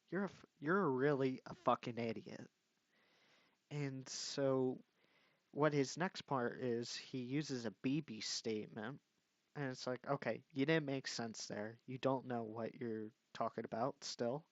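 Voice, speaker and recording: A man's voice: mid-range voice, measured pace, no room sound. A young man ranting in a commentary video, exasperated and mocking, swearing at someone he disagrees with. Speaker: commentary youtuber. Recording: dull lo-fi dry mic.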